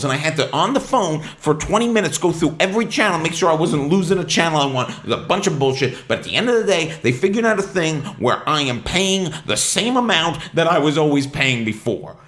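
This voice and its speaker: A man's voice: fairly high pitch, brisk, few pauses. A man hosting a podcast, telling a comic story about fighting with his cable company. He swears a lot and acts out both sides of the phone calls. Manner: animated ranting, swearing, mimicking phone reps. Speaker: podcast host. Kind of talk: casual comedic storytelling. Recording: echoey room.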